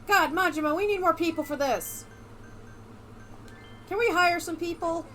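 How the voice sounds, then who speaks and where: A young woman giving casual, sarcastic gameplay commentary, excitable and swearing freely. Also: very high-pitched, normal speed, soft background music. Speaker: let's play streamer.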